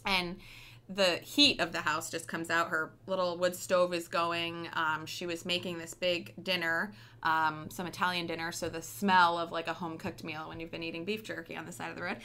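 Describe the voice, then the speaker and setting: A woman's voice: fairly low pitch, little pitch movement, normal speed, bright, forceful tone. A young woman telling stories as an interview guest, chatty, with many ums and likes. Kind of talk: casual storytelling interview.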